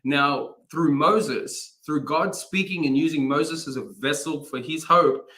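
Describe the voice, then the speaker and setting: A man's voice: a little high, unhurried, sharp tone. A young man, a chaplain, giving a casual live-streamed daily devotion through a phone or laptop mic, chatty and rambling, with plenty of fillers and laughter. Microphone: phone or laptop mic, no studio setup.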